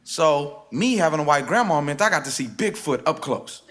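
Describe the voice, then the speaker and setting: A man, a rapper telling a spoken-word story in a rhythmic, wry way with dramatic pauses. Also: fairly high pitch, expressive, fairly bright tone. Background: guitar music.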